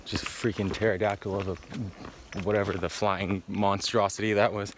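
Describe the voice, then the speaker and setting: A man talks to a handheld camera on a road-trip vlog, rambling and easily excited, dropping casual swears. His voice sits on the low side. Steady background noise runs clearly under the outdoor recording. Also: normal speed. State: out of breath while hiking. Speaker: van travel vlogger. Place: outdoors in a forest and in a van.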